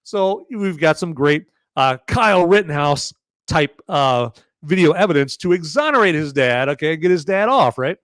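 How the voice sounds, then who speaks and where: A man hosts a casual live movie review, with a voice a touch higher than most. He rambles sarcastically and keeps checking in with "okay?" and "right?". The sound is dry and close to the mic. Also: expressive, normal speed, fairly bright tone, no room sound. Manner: chatty, sarcastic, lots of fillers and "okay?". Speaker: podcast host reviewing a movie.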